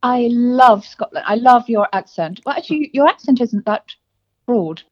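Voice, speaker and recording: An older woman who sings and acts tells stories as a guest in a casual interview, warm and quick to laugh, with fillers sprinkled throughout. Her fairly high voice is animated and keeps a normal pace, though the recording's highs are cut off.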